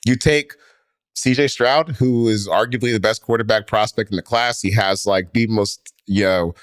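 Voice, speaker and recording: A man's voice: fairly low pitch, moderate pace, smooth, no room sound, studio quality. A man co-hosting a sports podcast, talking casually and rambling through his points with lots of fillers. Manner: rambling, heavy on fillers and restarts. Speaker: podcast co-host.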